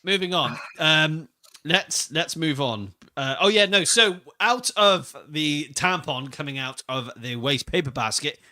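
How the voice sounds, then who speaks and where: A man co-hosting a wrestling podcast chats casually, telling stories in a rambling, joking, animated way. His voice is on the high side and his pace is unhurried.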